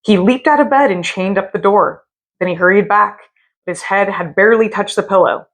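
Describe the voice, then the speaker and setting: A woman reading a scary story aloud from a hotel room, with slow, drawn-out dramatic delivery. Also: mid-range voice.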